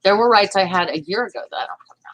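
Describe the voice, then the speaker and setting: A woman's voice: medium pitch, lively intonation, rapid-fire, a bit bright, poor audio. A woman, giving impassioned political commentary in a vlog, indignant and often restarting her sentences. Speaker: vlogger.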